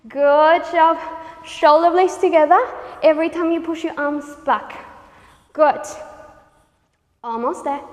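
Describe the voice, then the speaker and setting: A high-voiced woman coaches a pilates class, cheering listeners on and counting down reps. She is out of breath from working out alongside them, and her voice rings with a long reverb. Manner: encouraging, counts reps, panting and laughing between cues. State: out of breath, sweaty. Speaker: pilates instructor. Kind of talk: guided workout instruction.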